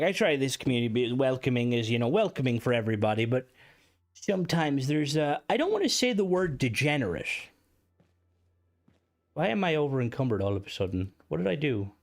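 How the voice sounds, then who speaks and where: A man live-streaming a game in loose, casual commentary, his pitch jumping around a lot as he talks. He swears freely, thinks aloud and chats with viewers while he plays.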